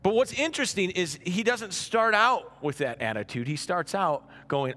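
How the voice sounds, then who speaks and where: A man's voice: high voice, lively intonation, normal speed, bright, forceful tone. A man preaching a conversational sermon as pastor, often restarting words and checking in with "right?".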